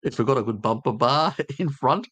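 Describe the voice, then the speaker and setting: Chatting loosely with viewers on his live stream, an Australian man from Tasmania is blunt and jokey, rambling along with plenty of fillers as he answers chat. His mid-range voice has a fairly bright tone at normal speed, with no echo.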